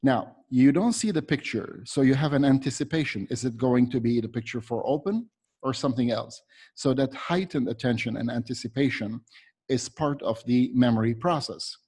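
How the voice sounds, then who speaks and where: Husky man explaining a teaching method. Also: medium pitch, normal speed, a little mellow. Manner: patient, explanatory, demonstrates words aloud. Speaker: teacher trainer.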